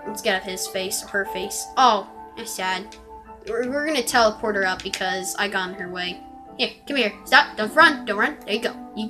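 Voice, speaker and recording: A woman giving rambling, chatty gameplay commentary that breaks into frustrated exclamations. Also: medium pitch. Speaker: gaming video creator.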